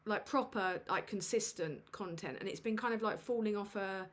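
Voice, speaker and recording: A woman's voice: medium pitch, moderate pace. A woman chats on her home livestream through a desk microphone, her voice sitting in a middle range. She sounds flustered and self-mocking, trailing off into fillers and swearing casually as she goes. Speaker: livestream host. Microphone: USB desk microphone.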